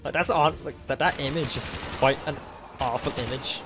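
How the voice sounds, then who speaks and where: Young male let's player, excitable, swears freely, game music underneath. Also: mid-range voice, normal speed. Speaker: gaming video host. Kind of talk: let's play commentary.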